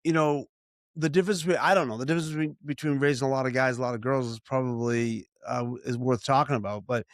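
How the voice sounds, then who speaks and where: A man's voice: medium pitch, fairly even intonation, quick pace, no room sound, studio quality. An older man, a podcast co-host, telling family stories in a rambling, casual chat full of restarts and fillers.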